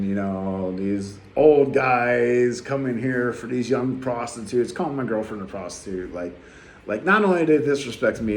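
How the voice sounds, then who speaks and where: A man's voice: mid-range voice, a little hiss or hum. A man past his youth, talking bluntly in a rambling travel vlog full of fillers and restarts. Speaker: travel vlogger. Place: his apartment.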